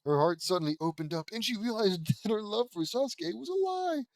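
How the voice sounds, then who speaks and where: A sarcastic host reads a fan fiction aloud and keeps stopping to mock it, laughing often. The voice sits in a middle pitch and is recorded close and dry, with almost no room sound. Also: lively intonation, a little fast, no echo. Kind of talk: comedic reading with commentary.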